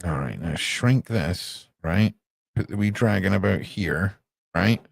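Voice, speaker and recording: A man's voice: low voice, expressive, slow pace, vocal fry, dry recording. A man chatting casually on a live stream, muttering to himself as he works and tossing off playful asides.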